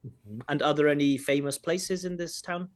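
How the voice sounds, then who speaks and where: A man's voice: a little high, moderate pace. A man who works as a language examiner, breaking down a recorded speaking test and commenting point by point. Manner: explanatory, stops to comment. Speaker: IELTS examiner and teacher. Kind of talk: spoken exam feedback.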